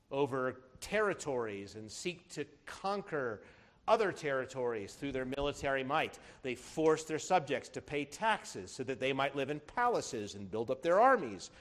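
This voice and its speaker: A man preaching a sermon as pastor, emphatic, building his points through rhetorical questions. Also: medium pitch.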